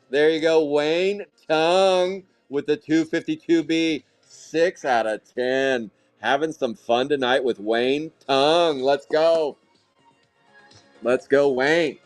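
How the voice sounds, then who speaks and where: A man with a somewhat high voice rattles off cards and jokes with his chat during a live break. He sounds hyped and a bit out of breath. Faint music plays underneath. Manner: hyped, rapid, joking with chat. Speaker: card break host. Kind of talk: live-streamed card break commentary.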